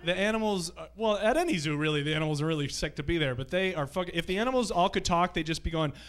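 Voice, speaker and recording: A man's voice: fairly high pitch, quick pace, background noise. A man performing a live stand-up set on a comedy club stage, telling loose, rambling stories full of profanity.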